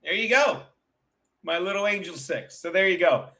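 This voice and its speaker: A man's voice: high-pitched, lively intonation, normal speed, music in the background. A man hosting a show as a comedian, telling rambling stories in a casual, profane, chatty way. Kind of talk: casual rambling storytelling chat.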